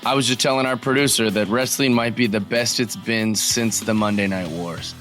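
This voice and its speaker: A man's voice: fairly low pitch, fairly even intonation, moderate pace, a bit bright, faint music behind. A man co-hosting a podcast, chatting in an easygoing, enthusiastic way. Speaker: podcast co-host. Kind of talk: casual chat.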